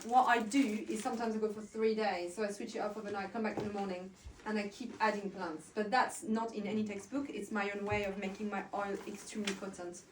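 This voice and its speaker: A woman's voice: mid-range voice, darkish tone, slight background noise. A woman teaching an indoor herbalism workshop, chatty and encouraging, explaining each step to a group. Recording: roomy sound from a distant mic.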